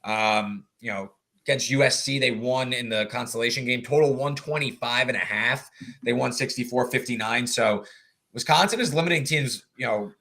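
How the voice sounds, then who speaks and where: A man's voice: mid-range voice, moderate pace, creaky, bright, forceful tone. A man co-hosting a sports betting podcast, talking through stats and numbers in casual chat with plenty of fillers. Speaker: sports betting analyst co-host.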